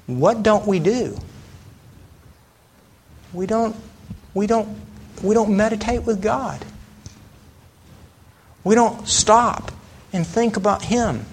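Middle-aged male preacher, slightly high voice, slow and chatty, lots of rhetorical questions. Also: a little hiss or hum. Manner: conversational preaching with rhetorical questions and frequent restarts. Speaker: pastor. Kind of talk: sermon.

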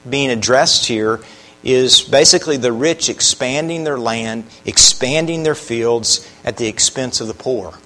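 A man's voice: medium pitch, sharp tone, poor audio. Earnest man preaching a sermon. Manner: earnest, asks the congregation questions. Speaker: pastor.

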